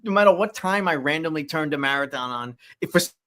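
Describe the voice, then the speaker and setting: A man appearing as a guest on a review podcast, relaxed and laughing along in casual chat. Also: on the high side, fast.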